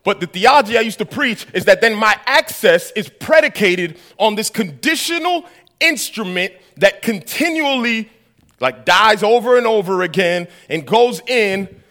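A man's voice: high voice, bright, forceful tone. A man preaching a sermon, telling a story with acted-out dialogue and asking the audience questions.

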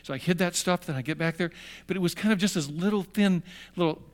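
An older man with a high voice and quick pace tells a personal story to young listeners. This storytelling talk is animated, and he acts out the voices of the people in it.

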